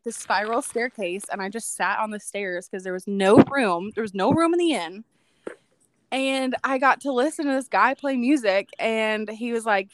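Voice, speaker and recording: On a podcast she co-hosts, a young woman tells a personal story in relaxed conversation, chatty and reflective and leaning heavily on "like." Her voice is a little high, and the recording is dry.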